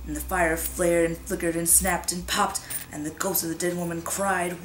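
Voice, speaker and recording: A woman reading a scary story aloud in a suspenseful, drawn-out way, whispering the sound effects. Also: lowish voice, level tone, a little hiss or hum. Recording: echoey room with music behind.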